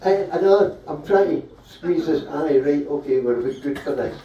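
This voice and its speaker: A man with a Scottish accent doing a stand-up comedy set with deadpan delivery. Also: on the high side, measured pace, highs cut off, a little hiss or hum. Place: small live comedy venue. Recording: roomy hall, voice from a distance.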